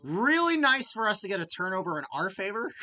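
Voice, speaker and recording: A man giving emotional live fan commentary on a game, swinging between low grumbling and excited outbursts, often stammering and repeating words. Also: a little fast.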